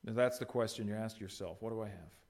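A middle-aged pastor preaches a sermon in a fast, lowish, somewhat dark voice, putting rhetorical questions to his congregation and retelling brief bits of dialogue.

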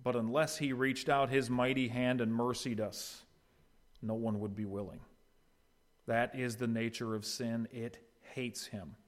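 A man preaching an expository sermon as pastor, swinging between quiet, low passages and loud, raised ones. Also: little pitch movement, measured pace. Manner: swings from quiet to loud, acting out quoted voices.

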